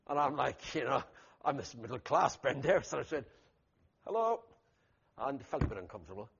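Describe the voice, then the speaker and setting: A man preaching a sermon as pastor, telling stories in an animated way with loud emphatic bursts. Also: mid-range voice, fast, creaky, breathy edge. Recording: dull lo-fi recording.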